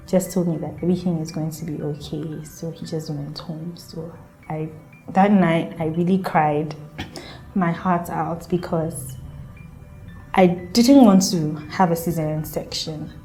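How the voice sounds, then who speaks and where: A young woman from Ghana recounts her birth story in an earnest, emotional way and voices the people in it as she goes. Her voice sits a little low and sounds mellow. Soft music plays faintly behind her. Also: steady tone, unhurried. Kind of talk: personal storytelling.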